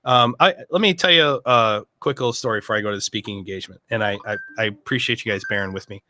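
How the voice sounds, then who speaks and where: A man's voice: lowish voice, fast talker, bright, forceful tone. A middle-aged man hosting a casual livestream, talking in an earnest, rambling way full of asides. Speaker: host.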